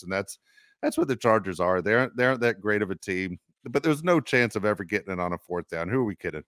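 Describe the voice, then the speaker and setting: A man's voice: mid-range voice, quick pace, no echo, studio quality. A man co-hosting a sports podcast, talking casually and acting out what fans would say. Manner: animated, acts out fans' voices. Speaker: podcast co-host.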